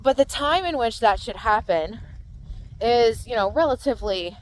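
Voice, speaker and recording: A woman's voice: fairly high pitch, lively intonation, normal speed, a little hiss or hum. A woman mindset coach talking casually to her viewers, explaining step by step and often checking in with "right?". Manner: conversational, explaining with frequent "right?" check-ins. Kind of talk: casual talk to camera.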